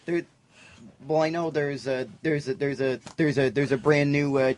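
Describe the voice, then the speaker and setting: A man on a radio show, halting and stammering as he repeats words while he answers questions. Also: a little high, steady tone, a little mellow. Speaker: guest. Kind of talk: casual radio banter.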